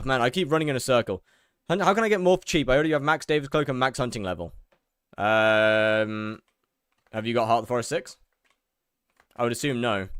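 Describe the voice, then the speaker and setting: A man's voice: mid-range voice, fairly bright tone, smooth, no room sound, clean studio sound. Rambling young man streaming a game. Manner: rambling, repeats words, answers chat. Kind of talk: casual gameplay streaming chat.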